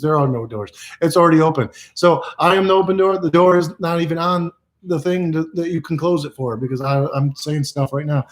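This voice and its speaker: A man giving playful, repetitive self-help affirmations to camera, exuberant and goofy, laughing often. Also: fairly high pitch.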